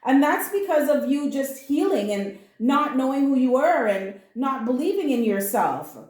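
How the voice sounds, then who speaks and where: A woman's voice: high-pitched, expressive, moderate pace, a little mellow, echoey room. A woman giving a casual spoken tarot reading, earnest and comforting, emotional at times and blunt with slang. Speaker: tarot reader.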